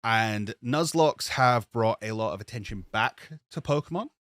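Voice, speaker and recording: Animated, bright-voiced man arguing. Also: normal speed, no echo, clean studio sound. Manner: animated, emphatic, argues with rising pitch. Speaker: podcast co-host. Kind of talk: casual debate.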